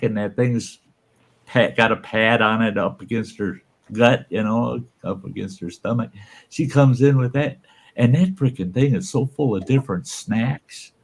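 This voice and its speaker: A man casually telling a salty, folksy story, voicing the people in it with lively shifts. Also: medium pitch, husky. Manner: folksy, salty, animated when quoting others. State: undergoing cancer treatment. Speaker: channel host telling stories.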